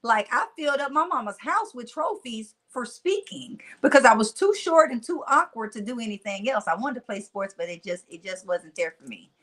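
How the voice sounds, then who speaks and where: A woman in her forties with a Southern country twang, a motivational speaker telling stories in a casual interview, animated and laughing often. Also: a little high, moderate pace, hardly any pauses.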